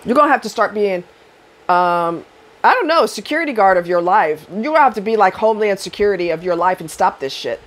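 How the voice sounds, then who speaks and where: A middle-aged woman giving dating advice in a blunt, profane monologue to camera, rising loud and high when she rants. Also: expressive, brisk.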